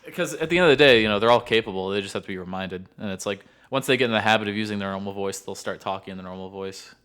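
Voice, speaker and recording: A man's voice: on the low side, rapid-fire, fairly bright tone, clean tone. A man co-hosting a podcast, talking loosely about his work with autistic clients, with many filler words. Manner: rambling, loose, lots of filler words and laughs. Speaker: podcast co-host who works with autistic clients. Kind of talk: casual podcast chat.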